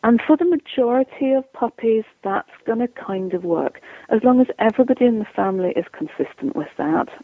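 A woman's voice: fairly high pitch, animated, brisk, dry recording. A woman dog trainer giving advice in an interview, chatty and explanatory, acting out what owners and dogs say. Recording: tinny dry phone line.

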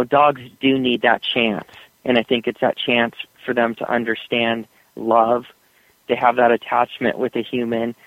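A man being interviewed as an author, telling stories with frequent laughs and lively shifts in tone. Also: no room sound. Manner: animated storyteller, laughs often, puts on high doggy voices. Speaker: author guest. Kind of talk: interview over the phone. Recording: tinny phone line.

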